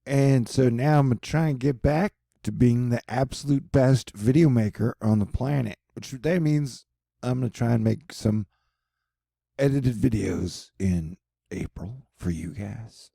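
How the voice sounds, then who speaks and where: Casting note: young male vlogger, dry and self-mocking, gravelly low-key voice, close dry sound. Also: measured pace, mellow, dry recording. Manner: rambling, sarcastic, self-mocking. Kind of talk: casual rambling vlog. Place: his apartment.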